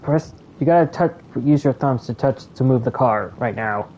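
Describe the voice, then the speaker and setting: A man's voice: medium pitch, moderate pace, darkish tone, a little hiss or hum, low-quality recording. A man giving casual let's play commentary who explains the controls as he plays. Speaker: gameplay commentator.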